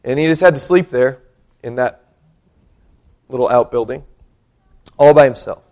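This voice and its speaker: A man's voice: medium pitch, moderate pace, a little mellow. A male pastor preaching a sermon, retelling scripture with conversational, dramatic storytelling and questions for the congregation.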